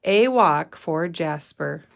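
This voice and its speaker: Slow, patient woman teacher. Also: sits low, expressive, creaky. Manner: patient, deliberate, prompts the class. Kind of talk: guided reading lesson for young children.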